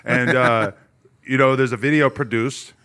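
A man hosting a podcast in casual chat, asking playful, drawn-out teasing questions. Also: medium pitch, fairly even intonation, bright, forceful tone. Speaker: podcast host.

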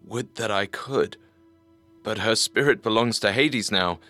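An actor playing a grieving young mortal poet, earnest and despairing. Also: male voice, lowish voice, measured pace, sharp tone, no room sound, soft background music. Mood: grief-stricken. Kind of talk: storybook audio drama.

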